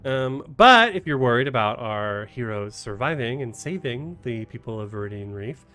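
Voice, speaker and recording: A man's voice: mid-range voice, very animated, pushed and bright, faint music behind. A man narrating a tabletop game as game master, with many ums and restarts. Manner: halting, full of ums and restarts.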